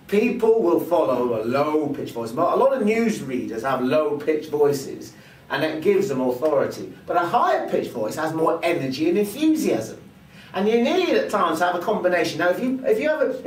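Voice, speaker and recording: Man teaching speaking skills, animated pitch. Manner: demonstrative, acts out vocal examples. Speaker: presentation skills trainer. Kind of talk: teaching with spoken demonstrations. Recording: roomy sound from a distance, faint ambience.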